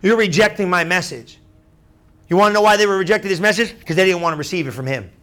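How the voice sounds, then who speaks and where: High-voiced man preaching animatedly. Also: racing, clean tone. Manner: animated, conversational, acts out crowd voices; repeats phrases, asks "you understand?". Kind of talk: sermon.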